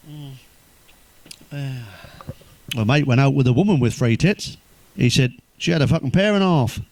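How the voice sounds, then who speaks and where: Man, stand-up comic, foul-mouthed jokes, deadpan delivery, mid-pitched voice, dry recording. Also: normal speed, dry recording. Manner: crude, swears constantly, laughs at own jokes; deadpan one-liners. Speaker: comedian. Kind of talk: stand-up joke telling.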